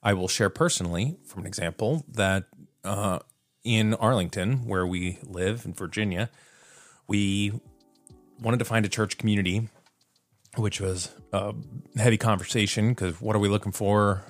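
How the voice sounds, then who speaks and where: A man's voice: on the low side, moderate pace, no room sound, faint music behind. A man hosting a solo podcast in a casual, self-deprecating way, laughing at himself and using plenty of fillers. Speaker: podcast host.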